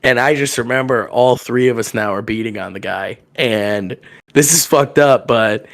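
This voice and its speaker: A young man from telling a rowdy story on a podcast, acting out the people in it with loud raised voices. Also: medium pitch, normal speed. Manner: animated, acts out quotes with loud raised voices. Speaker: podcast guest telling stories. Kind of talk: casual storytelling.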